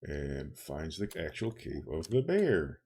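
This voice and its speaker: A man's voice: extremely low pitch, huge pitch swings, takes it slowly, vocal fry, mellow, breathy edge. A man narrating a tabletop game as game master, playful and rambling as he thinks aloud.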